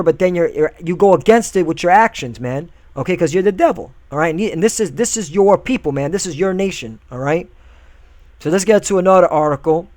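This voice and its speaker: A man lecturing in a preachy, combative tone, with a voice a little on the high side. He peppers his talk with "all right?" and reads scripture aloud. The sound is dry and close to the mic. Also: no echo. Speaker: video commentator. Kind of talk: religious political commentary.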